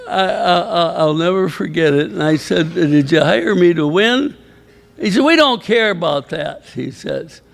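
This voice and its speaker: Older guy, gravelly and a bit high, rambling coach story with chuckles. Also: expressive, unhurried. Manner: rambling anecdotal storyteller, chuckling, quoting others. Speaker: former coach and inductee. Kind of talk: storytelling speech at an awards ceremony. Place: banquet hall at a ceremony.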